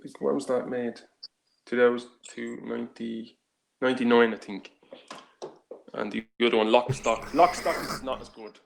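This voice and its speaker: A man with a gravelly edge to his voice chats on a live stream panel. His pitch sits in the middle of the range. He laughs often and keeps breaking off and restarting his sentences. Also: normal speed, slight background noise. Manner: animated, laughing, chatty with restarts. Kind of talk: casual chat.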